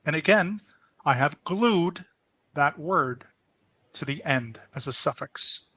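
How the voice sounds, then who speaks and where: Slow, bright-voiced man explaining grammar. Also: a little high, animated, slightly rough, dry recording, rough recording. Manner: patient, step-by-step explaining. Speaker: language presenter. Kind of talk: explanatory language lesson.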